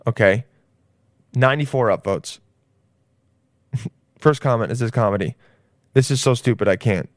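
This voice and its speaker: A man's voice: medium pitch, normal speed, pauses often, dry recording, studio quality. A man hosting a comedy podcast, rambling crudely and laughing at his own jokes. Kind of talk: casual comedy podcast monologue.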